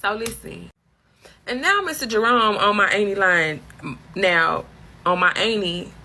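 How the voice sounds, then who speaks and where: Bright-voiced woman ranting comically. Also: mid-range voice, expressive, a little slow. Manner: loud, profane, exasperated ranting with slang. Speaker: comedic storyteller. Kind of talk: comedic storytelling rant.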